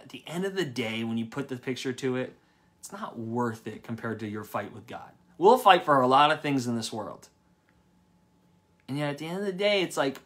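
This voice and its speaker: A man's voice: sits high, bright, forceful tone. A young man preaching a sermon in an earnest, conversational way, often repeating phrases.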